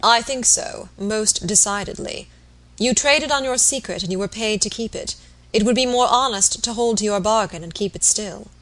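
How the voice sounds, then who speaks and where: A woman reading aloud as an earnest young gentleman, formal and firm, pleading with a sick man. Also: mid-range voice, normal speed, natural voice, low-quality recording. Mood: stern.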